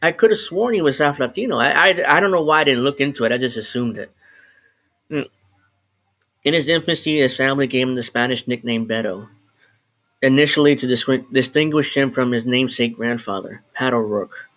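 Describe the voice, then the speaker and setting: A man's voice: mid-range voice, brisk, fairly bright tone. Guy live streaming from home, rambly, keeps restarting, drops a swear here and there. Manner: rambling, self-interrupting, swears and laughs. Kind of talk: casual solo live stream. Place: home, in New Jersey.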